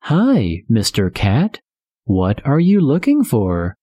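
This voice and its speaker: A reader voicing a friendly, helpful rabbit in a slow storybook reading with a raised, chatty voice. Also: medium pitch, huge pitch swings, mellow, breathy edge, dry recording, clean studio sound, exaggerated voice.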